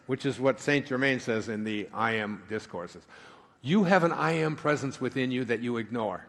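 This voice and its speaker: A man giving a live spiritual talk, who tells a rambling personal story and then reads aloud slowly and with emphasis. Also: mid-range voice, animated, vocal fry. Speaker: spiritual speaker. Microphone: handheld microphone.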